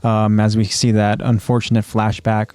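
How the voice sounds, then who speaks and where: A man's voice: lowish voice, completely flat delivery, normal speed, darkish tone, clean tone, dry recording. A man co-hosting a casual podcast, retelling scenes step by step and then talking loosely about them. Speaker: podcast co-host. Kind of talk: casual podcast chat recapping an anime episode.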